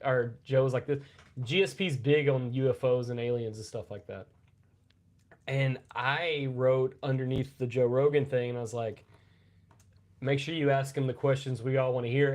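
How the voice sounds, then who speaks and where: A man's voice: mid-range voice, fairly even intonation, moderate pace, a little mellow. A middle-aged man co-hosting a casual live podcast, telling profane, rambling stories and coughing now and then after a bout of pneumonia. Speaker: podcast co-host.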